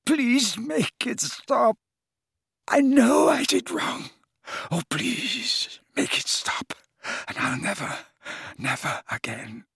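A man voicing an anguished old male wizard in an audiobook, pleading slowly in a high, trembling, breathy voice that at times drops to a whisper. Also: wildly swooping pitch, a bit bright, dry recording, studio quality, full character voice. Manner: slow, broken pleading.

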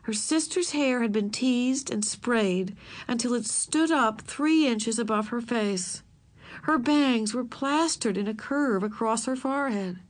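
Woman reading a children's story. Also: on the high side. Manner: expressive, measured storytelling. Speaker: narrator. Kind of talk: reading a children's novel aloud.

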